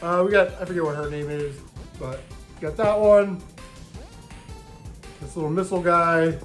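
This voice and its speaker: A man's voice: a little high, normal speed, faint music behind. A man casually telling stories from his video game hunting trip, swearing freely and mimicking the people he bargained with. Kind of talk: casual storytelling vlog.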